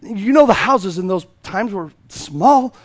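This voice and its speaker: Lively, high-pitched man preaching a sermon. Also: unhurried, slight background noise. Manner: animated preaching, acts out voices, repeats words. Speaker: pastor.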